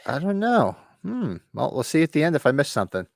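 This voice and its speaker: Man host, loose rambling chatter, lively pitch, dry close sound. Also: fairly quick, gravelly, no room sound. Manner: rambling, restarts mid-sentence. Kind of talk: casual live watch-along chat. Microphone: webcam stream setup.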